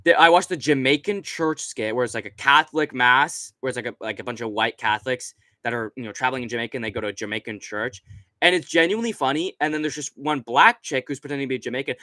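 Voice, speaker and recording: This young streamer talks quickly in a mid-range voice that sounds pushed and bright, and the recording is dry. He's seated at his computer for a casual late-night stream, rambling, cursing and filling gaps with filler words into the desk mic just in front of him.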